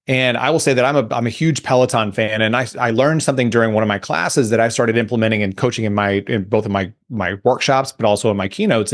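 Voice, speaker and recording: A man, a coach and guest, explaining ideas in a casual interview and acting out his own thoughts. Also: mid-range voice. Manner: animated storytelling, acts out inner thoughts. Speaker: guest, emotional intelligence coach.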